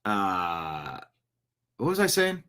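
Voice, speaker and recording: A man's voice: low-pitched, wildly swooping pitch, very slow, bright, forceful tone, smooth. A man hosting a casual news podcast, talking in a loose, rambling way with jokey asides and restarts. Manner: rambling, jokey, slips into silly voices. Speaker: podcast host.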